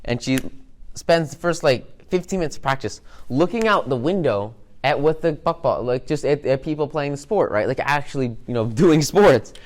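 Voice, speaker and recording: A man's voice: medium pitch, animated, normal speed. A man giving an upbeat, rambling motivational talk with lots of energy. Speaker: motivational speaker.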